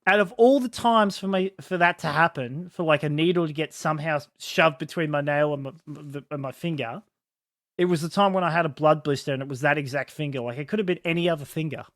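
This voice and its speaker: A man with a notably high voice tells a casual story on a podcast. He halts, restarts and acts out what people said. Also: a bit bright. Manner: halting, restarts often, acts out quotes. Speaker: podcast co-host.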